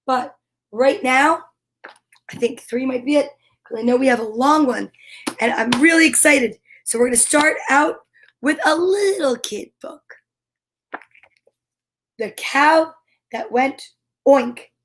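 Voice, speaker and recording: Woman storyteller for kids, high and slow, animated read-aloud from a home studio. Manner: animated, playful, making animal sounds. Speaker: children's story reader. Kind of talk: reading picture books aloud to kids.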